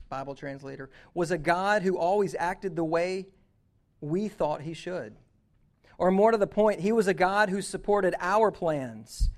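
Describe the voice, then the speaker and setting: Man, sermon, story-driven preaching, hushed to urgent, fairly high voice. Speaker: youth pastor.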